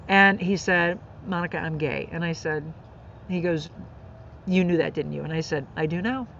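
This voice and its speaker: A woman's voice: fairly low pitch, moderate pace, fairly bright tone. Middle-aged woman podcast host, heartfelt storyteller, slightly dull recording with faint hiss. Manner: emotional, earnest, with tearful laughs.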